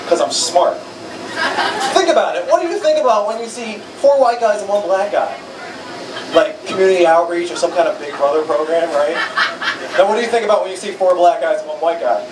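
Young stand-up comic, echoey bar. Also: male voice, on the high side. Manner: self-deprecating, chatty with the audience. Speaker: stand-up comedian. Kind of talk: stand-up comedy set. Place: bar stage before a live audience. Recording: echoey bar room from far off, loud crowd.

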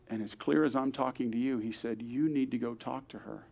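A man's voice: mid-range voice, brisk, vocal fry, few pauses, a little mellow. An older man, a grandfather, telling an earnest story at a church service, acting out the voices of the people he quotes. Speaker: guest speaker.

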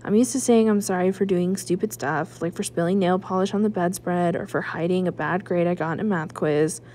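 A woman librarian reading a children's novel aloud, with expressive first-person narration. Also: on the low side, brisk, slight background noise. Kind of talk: children's book read-aloud.

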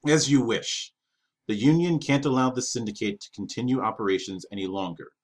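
A man's voice: fairly low pitch, normal speed, slightly rough. Guy doing a nervous ambassador dude, formal, stiff, trying to sound tough. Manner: formal, stiff, strained authority. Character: nervous male space ambassador forcing authority.

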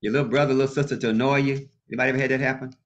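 A male pastor preaching a sermon in a colloquial, animated way and calling out to his congregation. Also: mid-range voice, very fast. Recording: muffled lo-fi sound.

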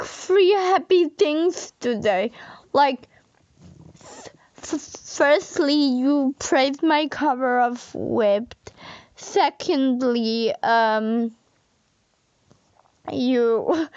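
A young woman vlogging, crying and overwhelmed with happiness, speaking haltingly with many fillers. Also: high voice, dry recording, highs cut off. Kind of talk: emotional thank-you vlog.

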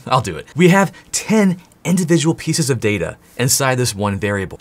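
An excitable man from the United States teaches coding, joking and talking straight to the viewer. His pitch swings widely as he goes. Keyboard typing sounds in the background. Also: fast. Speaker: coding instructor. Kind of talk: enthusiastic tutorial.

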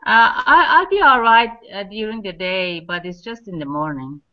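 A woman's voice: medium pitch, moderate pace. A woman calling into a webinar, hesitantly searching for words as she describes how she feels. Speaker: caller. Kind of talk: casual chat on a webinar. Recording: dull lo-fi webinar call.

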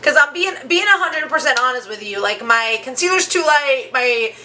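A woman's voice: high-pitched, expressive, moderate pace, bright, forceful tone. A young woman doing a casual makeup tutorial at her home vanity, chatty and self-deprecating with lots of "like" fillers, recorded on a camera mic at close range. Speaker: beauty vlogger.

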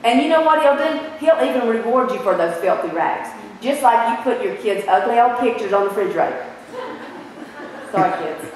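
A woman preaches to a congregation, throwing questions out to her listeners as she goes. Her fairly high voice sits well back from the microphone. It rings with the long reverb of a large hall. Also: a little fast. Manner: animated, asks the audience questions. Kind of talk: sermon. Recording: echoey hall from far off.

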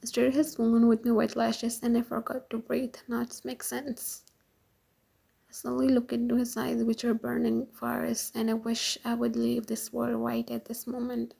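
A woman reading a romance story aloud in first person, in a whispered role-play with a breathy, hushed voice. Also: fairly high pitch, monotone, normal speed, low-quality recording. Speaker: fan fiction reader.

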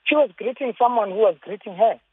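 A woman's voice: on the high side, brisk, breathy edge, no room sound. A woman from South Africa speaking as a government spokesperson in a phone interview, answering firmly and defensively. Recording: tinny phone line.

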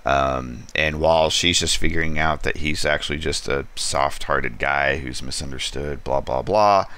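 A man hosting a casual comic book review, rambling through the plot with relaxed asides and frequent ums. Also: a bass voice, moderate pace.

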